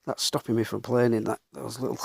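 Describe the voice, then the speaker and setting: A mid-range, slightly mellow voice with fairly even intonation; he talks fast, and the studio-quality recording has no room sound. He's a slightly out-of-breath Northern English man from England, bluntly commentating on his woodworking, muttering and mildly swearing now and then. Clear workshop noise runs behind him: planing, rubbing and wood sounds.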